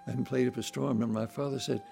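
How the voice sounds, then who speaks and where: A man telling family stories in a relaxed, folksy way, acting out voices and sounds as he goes. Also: mid-range voice, a little fast, vocal fry. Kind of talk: relaxed anecdotal storytelling.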